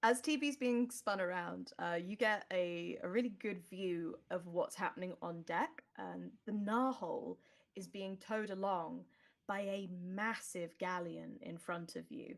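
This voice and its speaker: A woman narrating as the game master of a tabletop role-play, describing the scene in measured detail. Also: fairly low pitch, vocal fry. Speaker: dungeon master.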